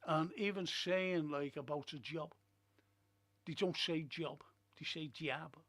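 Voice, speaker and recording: Using a streaming setup, a man runs a film and TV review show where he chats casually, spins stories, and offers blunt opinions. His voice sits on the high side, sounds a bit bright, and is unhurried.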